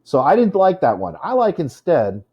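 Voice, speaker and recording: A man's voice: on the high side, wildly swooping pitch, normal speed, husky, lo-fi sound. A man teaching a casual lesson on poetry, chatty, with many fillers, stopping to correct himself. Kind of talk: informal classroom lesson.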